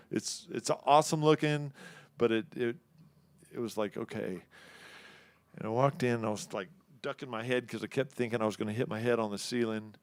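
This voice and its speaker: A man from Houston, a musician, telling a story in a casual, animated way, acting out the other people in it and laughing often. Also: mid-range voice, smooth. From Houston, Texas. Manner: animated, acts out quoted voices, laughs often. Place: live studio show.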